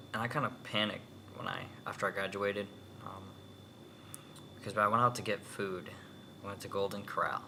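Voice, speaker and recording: A man's voice: lowish voice, a little hiss or hum. A young man, a new sailor, telling stories animatedly in a casual podcast chat. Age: young adult. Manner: animated storytelling with quoted voices.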